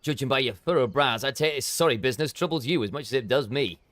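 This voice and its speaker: A man's voice: mid-range voice, fast talker, fairly bright tone, dry recording, close to an everyday voice. A man voicing a plain-spoken northern villager from a fantasy game, in a broad Yorkshire accent. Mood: earnest. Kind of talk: reading game dialogue in voice.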